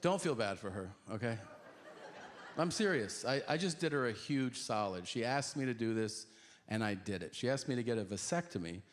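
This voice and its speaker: A man doing stand-up comedy on stage, telling a story deadpan and acting out the other people's voices. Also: mid-range voice, normal speed. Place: large theater stage with audience. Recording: echoey hall with audience noise. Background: audience laughter.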